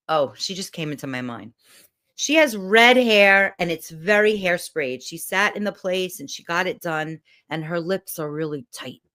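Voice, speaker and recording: A woman's voice: on the low side, a bit bright. A woman giving a motivational talk, guiding listeners through breathing and visualizing exercises. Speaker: motivational speaker.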